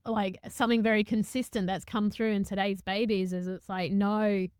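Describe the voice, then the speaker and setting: A woman's voice: medium pitch, fairly even intonation, fairly quick, clear, resonant tone, no echo, studio quality. A woman hosting a spiritual podcast, talking reflectively and searching for words with many restarts. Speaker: podcast host. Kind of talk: reflective conversational podcast talk.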